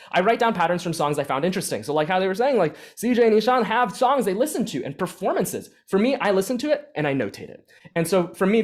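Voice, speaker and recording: A man leading a beatboxing workshop in a casual, energetic teaching style, full of fillers and restarts, speaking into his own microphone. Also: high-pitched. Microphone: own microphone with adjustable gain.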